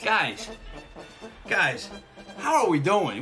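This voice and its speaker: A man hosting a live stream, excited and out of breath, thanking chat by name and swinging between loud cheers and low mutters. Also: normal speed, faint music behind.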